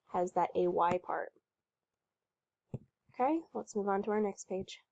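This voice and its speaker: A woman teacher reading a chapter book aloud and pausing to explain word sounds in a chatty, encouraging way. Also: medium pitch, creaky, darkish tone. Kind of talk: reading aloud with phonics pointers. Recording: muffled lo-fi recording.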